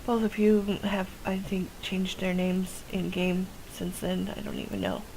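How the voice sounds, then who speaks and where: A woman's voice: lowish voice, steady tone, measured pace, darkish tone, a little hiss or hum, rough recording. A woman hosting a gameplay video, chatting casually and rambling with many fillers. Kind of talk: casual game commentary.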